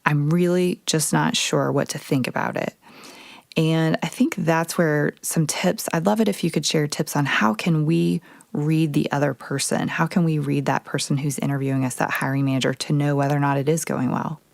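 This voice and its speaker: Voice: mid-range voice, fairly even intonation, moderate pace, gravelly, no echo, studio quality. A podcast host asking long, engaged interview questions.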